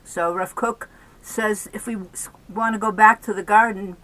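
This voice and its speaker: Older woman sharing a gentle teaching. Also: mid-range voice, steady tone, rough recording. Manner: gentle, explains slowly with restarts. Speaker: guest teacher. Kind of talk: teaching in a virtual group call. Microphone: video call.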